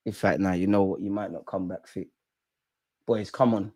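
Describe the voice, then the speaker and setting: A young man hosting a live football watch-along, reacting with slangy banter that swings from loud shouting to low muttering. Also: steady tone, normal speed. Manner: slangy banter, swears at the screen. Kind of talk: live match reaction commentary.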